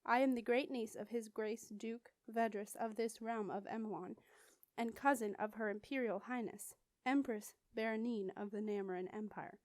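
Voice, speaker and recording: A woman's voice: fairly high pitch, steady tone, moderate pace, a little mellow, no room sound, close to an everyday voice. A woman reading the lines of a bold, proper young noble girl in a firm, precise way. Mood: haughty.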